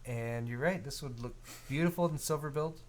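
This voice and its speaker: A man's voice: mid-range voice, brisk, a little hiss or hum. A man co-hosting a live tech show, chatting casually and reading out viewer donations. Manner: relaxed, reads viewer donations aloud; frequent fillers and restarts, conversational. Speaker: co-host of a hardware show. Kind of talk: casual live-stream chat.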